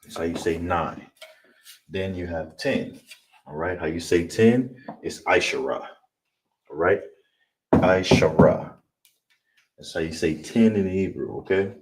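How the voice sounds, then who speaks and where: Deep-voiced man teaching, distant noisy mic. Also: measured pace. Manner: repeats words, frequent "all right?". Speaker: language teacher. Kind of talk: online class lesson.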